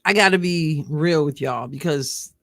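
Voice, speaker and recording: A woman's voice: sits low, unhurried, fairly bright tone, no room sound. A woman hosting a commentary video, talking earnestly and repeating phrases for emphasis. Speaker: show host.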